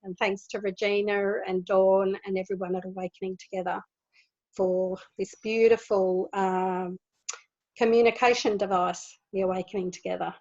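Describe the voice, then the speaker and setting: A woman giving a gentle spiritual talk to an online group, repeating words for emphasis. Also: mid-range voice, flat delivery, moderate pace. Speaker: spiritual teacher. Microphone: video call. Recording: dull lo-fi video call audio.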